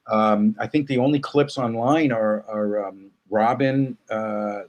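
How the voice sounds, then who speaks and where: A man speaking as a guest in a casual interview, thoughtful and halting, with many fillers and restarts. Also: on the low side, fairly even intonation, a little mellow.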